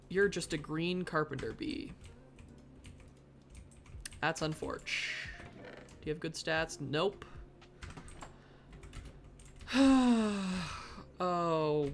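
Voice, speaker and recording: A woman's voice: deep voice, slight background noise. A woman streaming live from her desk at home, muttering wry gameplay commentary to herself and easily getting sidetracked. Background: faint background music.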